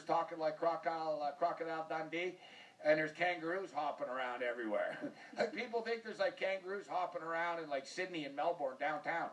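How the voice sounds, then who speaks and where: A man with a North American accent hosts a casual sports show, rambling and joking at his own expense. His voice sits a bit high and sounds a little distant from the mic. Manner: rambling, joking, self-mocking. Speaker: host.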